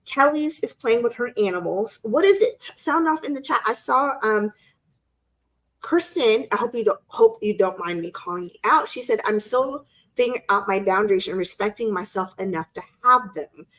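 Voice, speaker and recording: A middle-aged woman co-hosting a casual live-stream chat, telling an animated story and acting out quotes in squeaky voices. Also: normal speed. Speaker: co-host.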